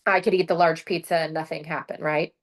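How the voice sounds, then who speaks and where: Over a video call, a middle-aged woman gives a casual motivational talk, sharing her sales story as the presenter. She speaks briskly in a deep voice with lively energy, acts out her own lines, and often says "like" and "right?".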